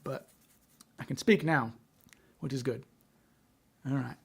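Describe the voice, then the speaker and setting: A man's voice: mid-range voice, takes it slowly, creaky, breathy edge. A man hosting a casual livestream, talking in a loose, chatty way, stuttering often and repeating and restarting his words. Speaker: livestream host.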